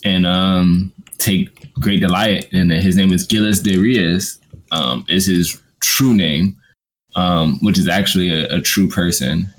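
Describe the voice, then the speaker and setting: A man's voice: low-pitched, fairly even intonation, a little slow, slight background noise. A man co-hosting a casual podcast chat, laid-back and slangy. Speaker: podcast co-host.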